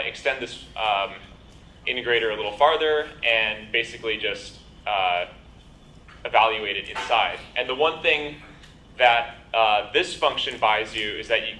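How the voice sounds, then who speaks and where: A man lecturing a programming bootcamp, walking through code on the fly. His voice is bright and forward, his delivery chatty and full of ums. The recording carries the echo of a lecture room and a faint hiss underneath. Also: mid-range voice. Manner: explains with many ums and you-knows, asks "right?". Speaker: bootcamp instructor. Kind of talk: live lecture with coding demo. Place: lecture hall.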